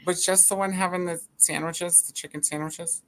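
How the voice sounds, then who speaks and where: A woman's voice: fairly low pitch, steady tone, normal speed, fairly bright tone. A woman co-hosting a casual reading livestream, teasing and laughing a lot. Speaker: co-host.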